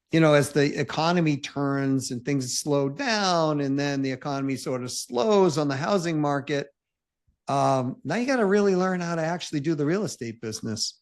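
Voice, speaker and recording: A man guesting on a casual interview, his voice a touch high. He talks emphatically and leans on fillers. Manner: emphatic, full of "like" and "you know".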